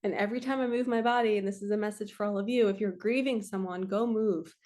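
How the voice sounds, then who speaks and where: A woman's voice: mid-range voice, fairly even intonation, quick pace, a little mellow. A woman, earnestly giving a casual spiritual card reading. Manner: earnest, emotional, spiritual-coaching talk. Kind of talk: casual tarot-style energy reading.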